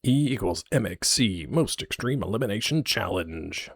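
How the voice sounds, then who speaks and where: Low-voiced guy streaming live, jokey rambling chat, dry close sound. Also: lively intonation, normal speed, breathy edge, dry recording.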